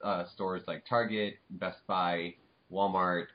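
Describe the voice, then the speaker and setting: Low-voiced hesitant man on a call. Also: flat delivery, takes it slowly. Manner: hesitant, heavy on fillers like um and like. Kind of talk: casual group chat. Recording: dull lo-fi online call audio.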